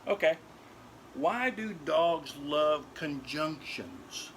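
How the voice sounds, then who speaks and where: A man's voice: mid-range voice, big pitch swings, takes it slowly, long pauses, fairly bright tone, a little hiss or hum. An older man telling corny dog jokes at home to his dogs, laughing at his own puns and then explaining them. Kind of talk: corny joke routine.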